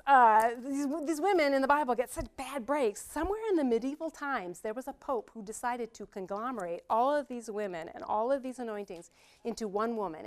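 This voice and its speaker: A middle-aged woman teaching a Bible study in a chatty, lively way, often laughing as she explains. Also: a little high.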